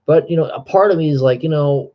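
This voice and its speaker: A man's voice: a little high, fast, highs cut off. A man talking casually on his live stream, out of breath, earnest and rambling with many fillers and restarts.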